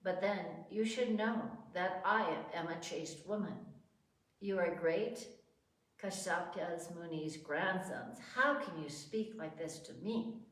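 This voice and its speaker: A woman's voice: fairly low pitch, a little slow, natural voice. A woman reading aloud as a chaste young princess married to a sage, speaking earnestly, heard from far off in an echoey room. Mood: indignant. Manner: earnest, pleading. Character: chaste young princess, a sage's devoted wife.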